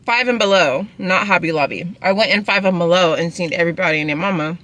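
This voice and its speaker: Young woman, casual vlog rambling, talking while eating, bright tone, in a car. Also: fairly low pitch, fast talker. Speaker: vlogger. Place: inside a parked car.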